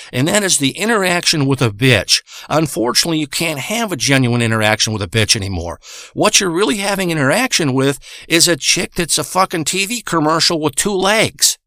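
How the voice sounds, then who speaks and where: A man's voice: fairly high pitch, pushed and bright, dry recording, studio quality. Profane, boastful ranting man. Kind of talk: crude comedic rant.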